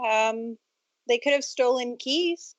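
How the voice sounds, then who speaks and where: A woman's voice: on the high side, slow, no echo. A woman player in a tabletop game, hesitant and playful. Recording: dry lo-fi recording.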